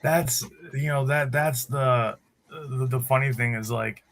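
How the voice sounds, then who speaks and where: Bright-voiced man rambling through a film opinion. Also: medium pitch, steady tone, unhurried. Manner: rambling, opinionated, many restarts. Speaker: podcast co-host. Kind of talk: casual movie review chat.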